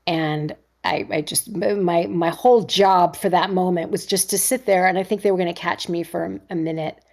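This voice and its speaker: A middle-aged woman, an actress interviewed as a guest, telling a candid story in an animated, conversational way with frequent restarts. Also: fairly low pitch, normal speed. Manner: animated, acts out others' lines in voices, frequent restarts.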